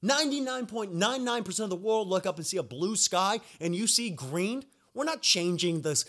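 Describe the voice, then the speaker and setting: A man's voice: sits high, animated, normal speed, fairly bright tone. Heated, profane man ranting. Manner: heated, profane, repeats himself. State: recovering from being sick. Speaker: podcast host. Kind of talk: angry ranting monologue.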